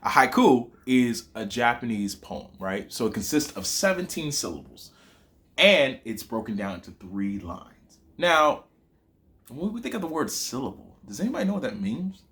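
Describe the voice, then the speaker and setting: A young man with a Southern accent, teaching a playful lesson that mixes in rap bars. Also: mid-range voice. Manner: lively, playful, chanting lines slowly for emphasis.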